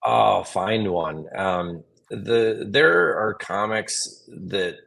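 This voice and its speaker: A comedian from Wisconsin with a Wisconsin accent, chatting in an interview and telling stories with lots of restarts and laughs. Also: male voice, on the low side, creaky. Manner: animated storyteller, quick restarts and laughs. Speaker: comedian guest. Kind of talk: casual interview chat.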